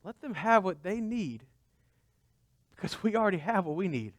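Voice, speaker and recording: A man's voice: high voice, lively intonation, moderate pace, no room sound. A man pastor preaching a conversational sermon, asking his listeners rhetorical questions.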